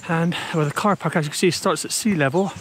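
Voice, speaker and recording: This man talks fast in a fairly bright, higher-pitched voice, with a slight hiss or hum underneath. He's a walking vlogger giving chatty commentary to camera as he hikes uphill on a steep, windy coastal path, somewhat winded.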